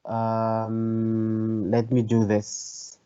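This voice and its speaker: A man's voice: fairly low pitch, monotone, extremely slow, mellow, smooth, faint music behind. A man, a professor giving an online workshop lecture in a conversational, hesitant way, repeating phrases. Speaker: professor leading a training workshop. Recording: dull, lo-fi online call audio.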